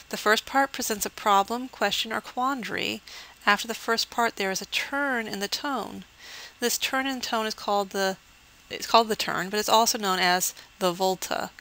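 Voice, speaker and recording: A woman lectures on poetry in a clear, bright voice with a gravelly edge. She explains each term step by step, checks in often with her listeners, and reads verse at a slow, measured pace. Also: medium pitch, low-quality recording. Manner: teacherly, explains step by step with frequent "okay" checks; reads the poem slowly and measured. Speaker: English professor.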